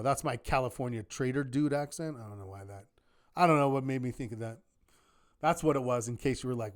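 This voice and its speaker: A man teaching a live online trading class in a lively manner, often asking rhetorical questions. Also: medium pitch, moderate pace. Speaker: trading instructor.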